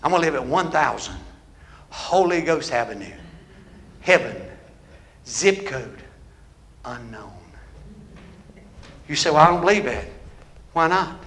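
A man preaching a sermon with call-and-response that builds into shouting. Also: a little high, expressive, unhurried, long pauses.

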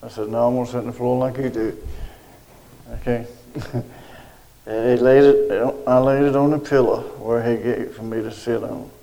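An older man, telling a personal story of faith in a rambling, halting way with many restarts. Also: mid-range voice, steady tone, dark tone, in a large hall, rough recording. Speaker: storyteller recounting a personal witness. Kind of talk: casual spoken testimony.

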